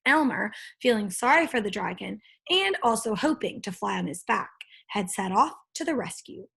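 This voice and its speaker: A woman reading a children's storybook aloud in a steady, expressive way. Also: mid-range voice, moderate pace, gravelly, slightly rough. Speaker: storybook reader.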